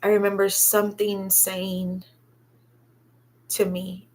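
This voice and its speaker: A woman telling a personal story, halting and reflective, with many pauses and fillers. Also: medium pitch, steady tone, slight background noise. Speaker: vlogger sharing her own story.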